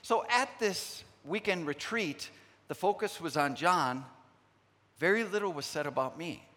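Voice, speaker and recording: Middle-aged male preacher, slightly high-pitched, earnest storyteller, long hall echo. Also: animated, bright, forceful tone. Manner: storytelling, acts out remembered dialogue; earnest, frequent pauses and restarts. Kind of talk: sermon.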